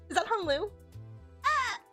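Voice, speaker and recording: A woman's voice: extremely high pitch, bright, forceful tone. A young woman streaming a game, chatting casually with frequent giggles and stammered restarts. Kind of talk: casual chat while gaming.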